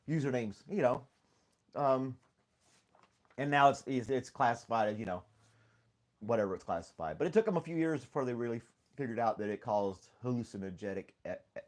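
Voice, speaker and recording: A middle-aged man chatting with his live stream audience in a loose, rambling way. He laughs often and talks easygoing and unhurried, with a voice of ordinary pitch. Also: darkish tone. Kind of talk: casual chat with live chat viewers.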